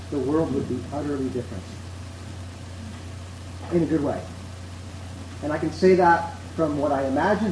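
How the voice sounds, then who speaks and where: Measured male preacher in an echoey hall. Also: on the high side, recorded from a distance. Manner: measured, conversational, asks the audience questions. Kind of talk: sermon to a congregation. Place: church hall with seated congregation. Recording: echoey room, faint background noise.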